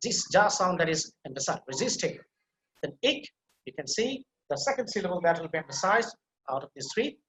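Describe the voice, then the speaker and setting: A woman teaching English pronunciation, repeating each example word patiently and clearly. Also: fairly low pitch, very animated, brisk, fairly bright tone, reverberant, poor audio. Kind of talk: online pronunciation lesson.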